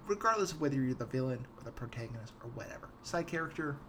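A man's voice: medium pitch, quick pace, slight background noise. A young man hosting a podcast, ranting casually about a film, swearing freely and tripping over his words. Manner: animated, ranting, swears freely, stumbling restarts. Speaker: podcast host. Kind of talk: casual ranting movie talk.

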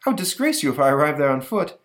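A man's voice: a little high, sing-song, quick pace, fairly bright tone, voice pushed up. A man voicing a huge, polite, vain male monster with a refined, slightly pompous manner, in a comic-strip reading. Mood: genteel.

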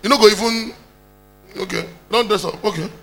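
High-voiced Nigerian preacher. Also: male voice, brisk, creaky, bright, forceful tone, faint music behind. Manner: exhorting, calls for hallelujah. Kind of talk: sermon.

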